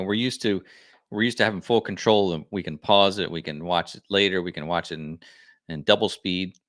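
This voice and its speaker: A man's voice: lowish voice, fairly bright tone. A man hosting a casual livestream, rambling and correcting himself as he chats with viewers. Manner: rambling, self-correcting, chatty. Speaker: livestream host.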